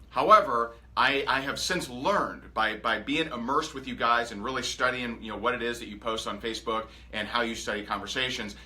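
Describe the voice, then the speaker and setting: Male sales coach, bright and forceful, high energy, acts out sample lines. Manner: energetic, animated, acts out example dialogues. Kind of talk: motivational training talk.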